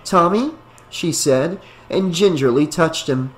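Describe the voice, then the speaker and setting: A man narrating a novel in a steady, even reading voice. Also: on the high side, measured pace. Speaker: audiobook narrator. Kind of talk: scripted narration.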